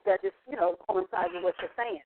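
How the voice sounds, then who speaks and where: A podcast co-host explaining a point in a measured way, pausing often on fillers. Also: mid-range voice. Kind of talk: casual podcast talk. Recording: tinny phone-like audio with faint hiss.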